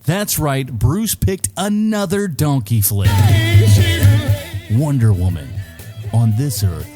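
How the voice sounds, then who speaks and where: Spoof trailer narrator, hushed and dramatic, low and rolling, put on by a man. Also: animated, slow pace, music in the background. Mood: mock epic. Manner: half-whispered dramatic voice-over. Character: hushed mock movie-trailer announcer man.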